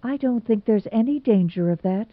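A woman voicing a level-headed young woman teacher, giving advice in a brisk, cool, sensible way. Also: a little high, lively intonation, no echo, voice pushed up. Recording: tinny phone-like sound, dry.

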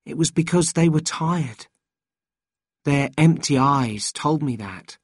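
A man reading a novel aloud in measured, steady scripted narration. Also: on the high side, no echo, clean studio sound. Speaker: audiobook reader.

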